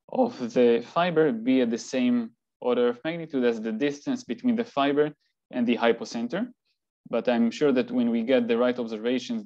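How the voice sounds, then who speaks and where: Measured man giving a lecture. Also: medium pitch, darkish tone, dull audio. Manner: measured, explanatory, occasional fillers. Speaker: seismology lecturer. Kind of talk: academic talk with slides.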